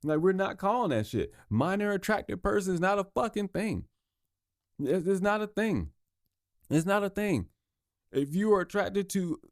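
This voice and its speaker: A man's voice: sits high, dry recording, studio quality. A man hosting a solo podcast, ranting in a heated, profane way, often stumbling and repeating himself. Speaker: podcast host.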